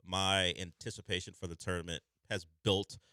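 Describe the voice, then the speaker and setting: A man's voice: low voice, flat delivery, moderate pace, pushed and bright, smooth, no echo, studio quality. A man hosting sports talk radio, explaining at length in a chatty, analytical way.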